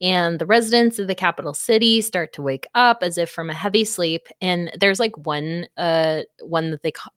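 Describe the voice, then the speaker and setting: Brief: woman, lowish voice, casual podcast recap, giggly and sweary, dry close mic. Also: normal speed, no room sound. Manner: laughing often, fillers, swears freely. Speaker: book club podcast co-host. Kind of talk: casual chat, recapping a novel.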